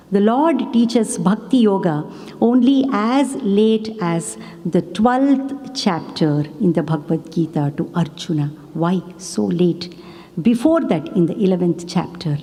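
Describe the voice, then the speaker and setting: A woman's voice: on the low side, dark tone. A woman giving a devotional talk, telling stories in a conversational way, often asking her listeners rhetorical questions. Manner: conversational, with rhetorical questions and frequent "you know". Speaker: speaker at a devotional gathering. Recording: long hall reverb.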